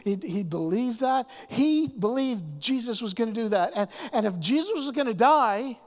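A man preaching a sermon, often restarting his words and swinging from hushed asides to raised emphasis. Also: very high-pitched, expressive, normal speed. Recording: long hall reverb.

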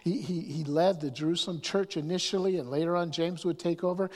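A man preaching a sermon, often restarting his words and swinging from hushed asides to raised emphasis. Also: on the high side, fairly even intonation, brisk. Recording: long hall reverb.

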